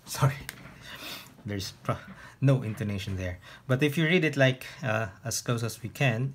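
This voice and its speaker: A man teaching an online lesson, explaining step by step with patient pauses and restarts. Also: mid-range voice, expressive, slightly rough. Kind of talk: online lesson on reading biblical Greek.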